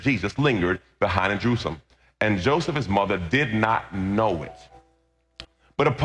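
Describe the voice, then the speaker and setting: A man preaching a sermon, telling a humorous personal testimony and calling out to the congregation. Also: mid-range voice. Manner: humorous storytelling, calls out to the congregation. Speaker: pastor. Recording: roomy church sound with loud music. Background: loud instrumental music.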